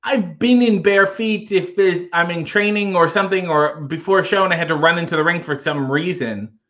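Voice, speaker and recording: A man's voice: high voice, normal speed, pushed and bright, dull audio. A man hosting a casual livestream, reading viewer comments aloud and riffing on them with wry humor. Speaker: livestream host reading chat.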